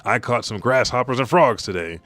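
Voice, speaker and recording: A man voicing a cheerful, scrappy eleven-year-old boy with an odd, drawn-out laugh. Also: mid-range voice, a bit bright, no echo, natural voice. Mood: chirpy.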